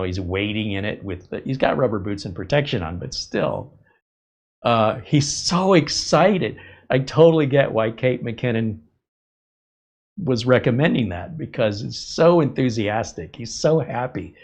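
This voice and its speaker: A man hosting a live stream, telling stories in a chatty, rambling way. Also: mid-range voice. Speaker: host. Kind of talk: casual live-stream monologue.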